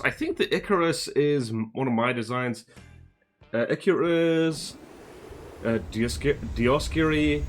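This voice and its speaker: An Australian man chatting playfully on a live stream, teasing himself and humming as he works. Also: mid-range voice. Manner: playful, self-mocking, chatty, hums to himself. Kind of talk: casual live-stream chat while working.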